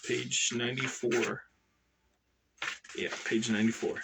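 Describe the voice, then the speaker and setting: A man's voice: mid-range voice, slow, pushed and bright, a little hiss or hum. A man reading his own novel aloud in a casual way, correcting himself and adding chatty asides.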